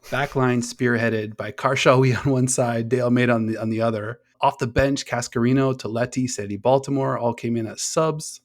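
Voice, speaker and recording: A man's voice: mid-range voice, fairly even intonation, moderate pace, few pauses. Guy hosting a soccer podcast, hyped, swears a lot, reels off player names. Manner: enthusiastic, swears freely, rattles off player names. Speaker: podcast co-host. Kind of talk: casual sports chat.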